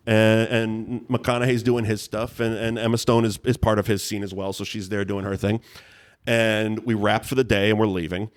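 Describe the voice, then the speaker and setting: A man, a guest telling long, rambling anecdotes in casual chat, full of restarts and laughs. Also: fairly low pitch. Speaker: guest storyteller.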